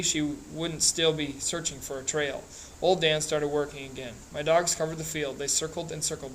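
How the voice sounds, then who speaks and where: A man reading a novel aloud in a plain, steady way, with small slips and restarts. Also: fairly high pitch, a little hiss or hum, poor audio. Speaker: reader.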